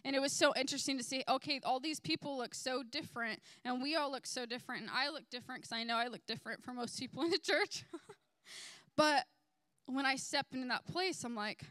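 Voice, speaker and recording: A woman's voice: sits high, a little fast, no room sound. A young woman giving a casual church testimony, telling a story with lots of "like" and quoting people in different voices. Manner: animated storytelling with quoted voices and many "like"s.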